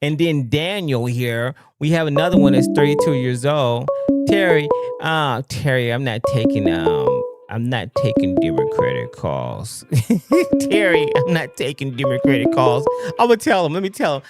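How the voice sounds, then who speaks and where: A man hosting a livestream, talking casually and haltingly with many fillers and frequent exclamations. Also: medium pitch, sing-song, loud music behind the voice. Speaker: livestream host.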